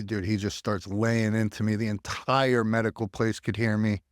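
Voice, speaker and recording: A man's voice: fairly low pitch, little pitch movement, normal speed, hardly any pauses, dry recording, clean studio sound. A man, a veteran guest telling his story candidly and bluntly, with plenty of swearing. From United States. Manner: blunt, profane, acts out quoted voices. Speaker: podcast guest, army veteran.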